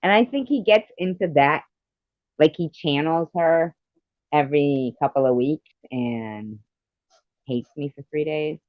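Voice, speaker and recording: A woman's voice: low voice, measured pace, no room sound. Laughing woman on a dull, dry stream. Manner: laughing, teasing, swears freely. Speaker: live streamer. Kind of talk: casual live-stream chat.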